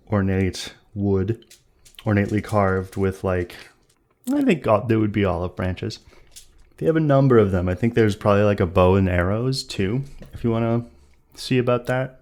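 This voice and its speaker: A man's voice: lowish voice, unhurried, a little mellow. A man narrating as game master of a tabletop role-playing game, playful and teasing with the players.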